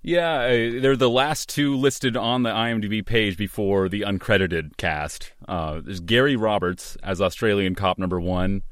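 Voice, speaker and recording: A man with a very low voice talks over a film in a relaxed podcast chat. He hedges and restarts often, thinking aloud. The sound is dry and close. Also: normal speed, few pauses, no echo. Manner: thoughtful, hesitant, many restarts and fillers. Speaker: podcast co-host. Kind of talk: casual movie commentary chat.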